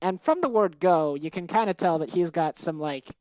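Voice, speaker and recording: A woman's voice: lowish voice, animated, moderate pace, noisy background. A woman co-hosting a podcast, ranting heatedly with lots of swearing and exasperation. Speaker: podcast co-host. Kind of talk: casual chat.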